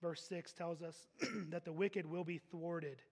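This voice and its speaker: A man with a high voice preaches a sermon, moving from hushed, low passages to loud, slow emphasis. He is emphatic and slips in humorous asides. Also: fairly even intonation, gravelly. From Texas.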